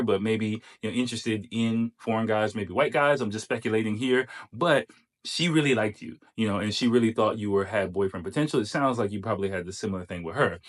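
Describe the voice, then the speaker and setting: A man hosting, giving casual commentary on a clip, chatty and full of fillers and restarts. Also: lowish voice. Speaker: host reacting to a clip.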